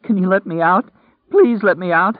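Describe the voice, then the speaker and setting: A man performing a broken, starving prisoner who pleads in a high, quavering whine for an audiobook. The voice sits far above a plain man's register. The sound is dry and thin, as if heard through a phone line. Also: expressive, normal speed, dry recording. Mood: pleading, terrified. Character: starving terrified male prisoner, whiny and desperate.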